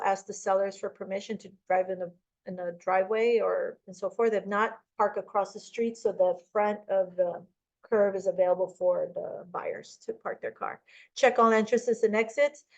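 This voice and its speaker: A woman's voice: medium pitch, darkish tone, lo-fi sound. A woman giving a casual real estate training talk, chatty and rambling, with many restarts and personal stories.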